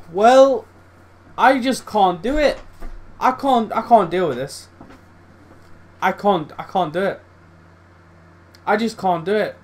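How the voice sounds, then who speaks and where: A young man commentating his own football video game, swearing, swinging between loud outbursts and low muttering. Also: slow, pauses often. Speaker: gaming YouTuber. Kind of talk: live gameplay commentary.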